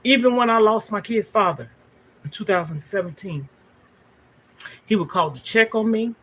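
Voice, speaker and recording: A woman's voice: mid-range voice, moderate pace, a bit bright. Candid grandmother sharing a personal story. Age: older. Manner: candid, emotional, talks directly to viewers. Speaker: livestream host.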